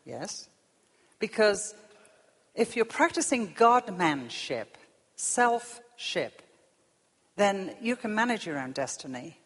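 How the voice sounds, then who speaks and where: A woman preaching a sermon, swinging from loud emphasis down to hushed whispers. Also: lowish voice, big pitch swings, slow pace, husky. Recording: long reverb of a large hall.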